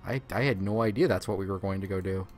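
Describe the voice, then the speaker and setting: A man's voice: low voice, fast talker, over music. A man streaming a game playthrough, reading the game's text aloud and adding sarcastic, profane asides.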